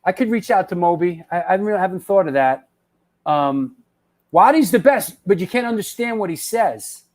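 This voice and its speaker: A man hosting a live web show, rambling and excitable as he chats with viewers and restarts his sentences. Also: high-pitched, moderate pace. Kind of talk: casual live-stream chat, reading viewer comments.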